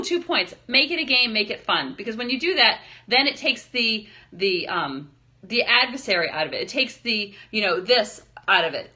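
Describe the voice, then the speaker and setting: Bright-voiced chatty mother giving parenting tips. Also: mid-range voice. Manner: chatty, animated, acts out scenes with her kids. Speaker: parenting talk host. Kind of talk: casual parenting talk to camera.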